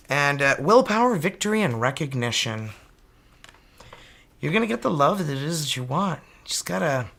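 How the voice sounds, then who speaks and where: A woman in her fifties giving chatty, upbeat tarot readings on a live stream. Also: a bass voice. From Canada. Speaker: tarot reader.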